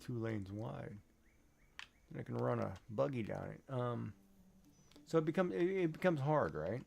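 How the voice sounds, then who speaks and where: A man's voice: mid-range voice, expressive, normal speed, gravelly, a little mellow, slight background noise. A man streaming a game, chatting casually and rambling, often checking in with "right?". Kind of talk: casual chat while gaming.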